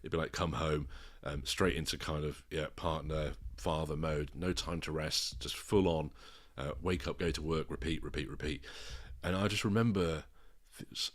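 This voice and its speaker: A man, a father co-hosting a podcast, talking frankly with swearing and halting restarts. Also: rumbling low, fairly even intonation. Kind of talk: candid podcast chat.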